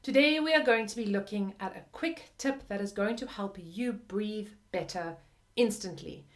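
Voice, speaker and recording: In this video lesson, a young woman flute teacher speaks at a normal speed with a middle-range pitch. She's warm and conversational, dropping "like" and "kind of" throughout as she explains things.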